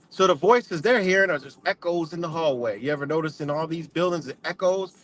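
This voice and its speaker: A man's voice: on the high side, a little fast, a bit bright, slight background noise. A man ranting casually, heated, profane and emphatic. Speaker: vlogger.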